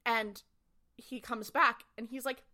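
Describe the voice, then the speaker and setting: A young woman talks through a TV episode for her podcast, briskly acting out quoted lines as she goes. Her voice sits a little high and sounds bright and forward. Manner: quick, lively retelling with quoted lines. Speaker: podcast co-host. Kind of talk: casual recap chat.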